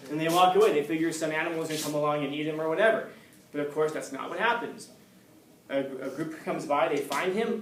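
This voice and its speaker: During a casual lecture, a man teaching a class tells a story, acts out its characters, and jokes with his students. His voice is on the high side and his pace quick, picked up by a distant room mic in an echoey classroom with slight background noise.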